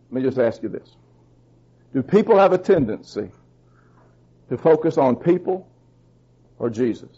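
Fervent husky preacher man. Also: big pitch swings, moderate pace, pauses often, mellow, dull audio. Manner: fervent, emphatic, rises in pitch when stressing points; asks the congregation questions. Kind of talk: sermon.

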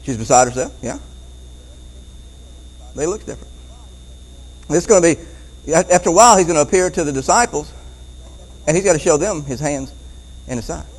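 A man preaching a Bible-teaching sermon, animated, often repeating words and chuckling as he goes. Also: on the high side, a little fast, pauses often, low-quality recording.

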